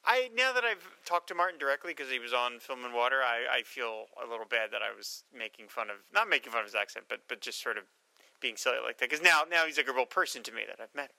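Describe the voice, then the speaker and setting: A man's voice: mid-range voice, quick pace, vocal fry, dry recording, rough recording. A man co-hosting a podcast in casual chat, easygoing, often stammering and restarting his sentences. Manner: relaxed, stammers and restarts, laughs at his own jokes. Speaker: podcast co-host.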